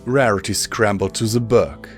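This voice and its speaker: Low-voiced male audiobook narrator. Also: steady tone, normal speed, soft background music. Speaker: audiobook reader. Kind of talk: fan-fiction audiobook narration.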